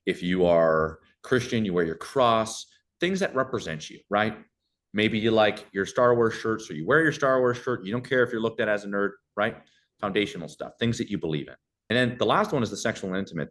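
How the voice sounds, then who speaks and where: A young adult man with a deep voice appears as a podcast guest, offering casual, conversational advice. He's animated, acting out little dialogues in changing voices.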